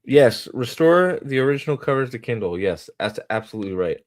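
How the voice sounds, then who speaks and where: A man's voice: medium pitch, very animated, brisk. A man hosting a casual livestream, rambling, swearing and mocking as he reads comments and talks to chat. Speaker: host.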